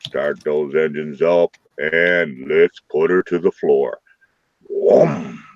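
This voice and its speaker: A deep-voiced man hosts a live stream, joking crudely and rowdily with his viewers. The sound is dull and lo-fi, with a dry, close feel and no room echo. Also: animated, slow, gravelly. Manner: rowdy, crude joking banter with chat. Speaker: livestream host. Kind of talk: casual live-stream chat.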